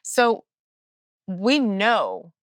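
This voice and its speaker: A woman's voice: mid-range voice, huge pitch swings, dry recording, clean studio sound. Earnest woman hosting a podcast interview. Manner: earnest, measured, opinionated. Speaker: podcast host. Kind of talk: interview conversation.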